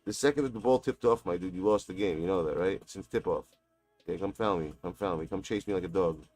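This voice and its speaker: A man's voice: low-pitched, quick pace, darkish tone, soft background music. A man streaming a basketball video game, taunting and mocking his opponent with a profane, trash-talking manner. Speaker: gaming streamer. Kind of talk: live gameplay trash talk.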